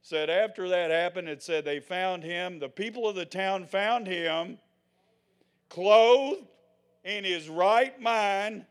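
An older man preaching a sermon in a folksy way, swinging from loud proclamations to hushed asides. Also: high-pitched, takes it slowly, clean tone. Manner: folksy, acts out the scenes he tells.

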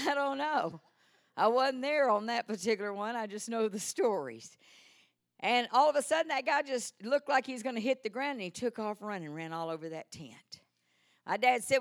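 Older lady preacher, storytelling sermon, goes from quiet to loud in bursts, mid pitch. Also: normal speed. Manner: animated, swings from hushed to loud exclamations.

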